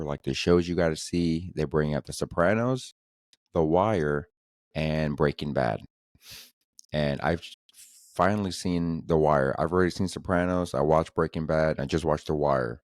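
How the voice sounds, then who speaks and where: A man with an extremely deep, low, darkish voice hosts a solo podcast, rambling from one thought to the next and peppering his talk with crude jokes and swearing. The sound is close and dry, with no room echo.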